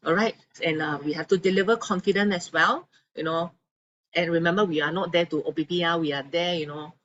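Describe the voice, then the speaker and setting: A woman giving an animated testimonial talk to an audience, acting out the people she quotes. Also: on the low side, dull audio, a little hiss or hum. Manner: animated storyteller, acts out quotes.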